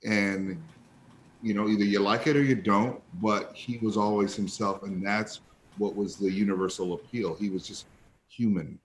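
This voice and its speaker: Deep-voiced man musing reflectively. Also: steady tone, moderate pace, a little hiss or hum. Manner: reflective, many "you know" fillers. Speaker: panelist. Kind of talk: casual panel discussion.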